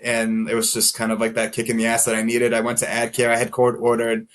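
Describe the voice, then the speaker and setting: A man's voice: mid-range voice, monotone, fast. Male podcast guest, mid-range voice, rambling candid storyteller, self-deprecating. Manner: rambling, heavy use of "like" fillers; self-deprecating, laughs at himself.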